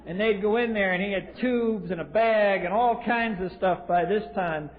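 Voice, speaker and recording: A man's voice: sits high, moderate pace. A man telling his recovery story from a podium, blunt and wry with dry humor, from the US East Coast. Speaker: recovery meeting speaker. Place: large convention hall. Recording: tinny lo-fi 1980s tape in a reverberant hall.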